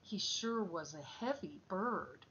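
A woman reading a children's story aloud in a gentle, expressive way. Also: mid-range voice, takes it slowly, lo-fi sound.

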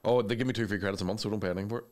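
A man co-hosting a podcast, joking around in quick, animated casual banter. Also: lowish voice. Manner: quick, animated, jokey, slips into silly put-on voices. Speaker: podcast co-host.

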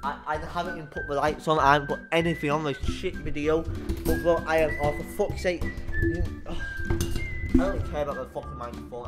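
Stressed, swearing young man. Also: on the high side. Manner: swearing, stressed, repeating himself. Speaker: vlogger. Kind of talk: angry vlog rant. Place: room at home.

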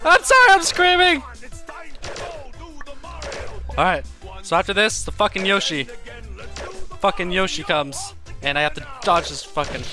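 This gaming video host has a slightly high voice, speaks at normal speed, and leaves long pauses. He comments live on a hard game, swearing a lot and screaming when he's in danger, with game music in the background.

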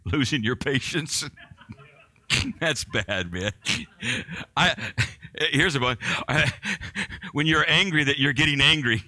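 A man's voice: mid-range voice, sharp tone, dry recording. A male pastor preaching a sermon in a conversational way, joking and poking fun at himself.

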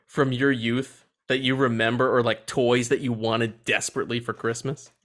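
A man co-hosting a movie podcast in casual chat, profane and animated. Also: mid-range voice, moderate pace. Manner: animated, profane, breaks into silly character voices. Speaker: podcast co-host.

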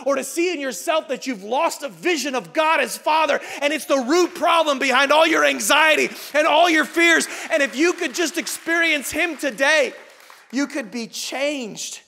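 Bright-voiced, passionate preaching man. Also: very high-pitched. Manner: passionate preaching, shouting emphatic questions. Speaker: pastor. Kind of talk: sermon.

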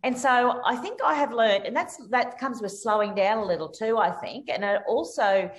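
A woman speaking as an interview guest, telling anecdotes animatedly over a video call. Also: moderate pace. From Australia. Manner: animated storytelling, rises sharply in pitch for lively anecdotes. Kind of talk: conversational interview.

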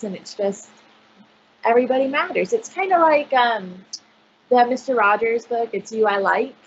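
A woman's voice: mid-range voice, a bit bright, dull audio, a little hiss or hum. A woman librarian chatting casually on a video call, gushing about picture books with lots of fillers. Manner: bubbly, gushing, filler-heavy.

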